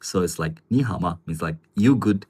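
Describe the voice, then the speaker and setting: A man hosting a casual livestream, answering viewer comments in rambling, relaxed with many fillers and frequent chuckles. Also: deep voice, a little fast, breathy edge. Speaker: livestream host.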